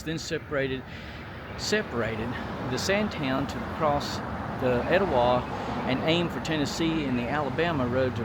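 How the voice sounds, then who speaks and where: A man's voice: medium pitch, background noise. A man narrating an outdoor history tour, reading plaques aloud in a folksy way with fillers. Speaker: vlogger touring historic sites. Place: outdoors at a memorial site on a hot day.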